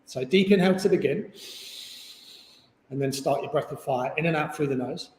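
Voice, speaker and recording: A man's voice: fairly high pitch, moderate pace, a little mellow, slight background noise. Chatty man in an echoey room. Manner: chatty, jokey and encouraging. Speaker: yoga instructor. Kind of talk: live online yoga class. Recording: echoey room with long reverb.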